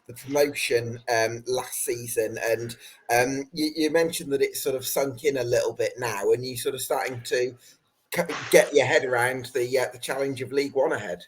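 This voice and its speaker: A man's voice: medium pitch, steady tone, moderate pace, a little hiss or hum, poor audio. A young man hosting a football podcast, chatty and friendly with his guest. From Birmingham area. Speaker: podcast host. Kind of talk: casual chat.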